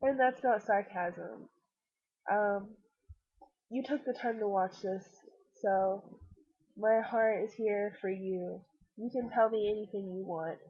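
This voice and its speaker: A woman's voice: medium pitch, fairly even intonation, slow pace, pauses often, slightly rough, lo-fi sound. A woman who is sick, talking in a rambling, self-deprecating, earnest way straight to the viewer through her computer's webcam. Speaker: vlogger.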